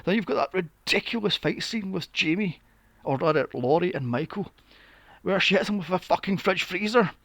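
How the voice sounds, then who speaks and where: A podcast host with a fairly high, gravelly voice rants about films, swearing freely and sounding exasperated. His pitch jumps around a lot, and the recording is dry and close. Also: moderate pace, dry recording. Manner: profane, exasperated, animated. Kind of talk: casual film review rant.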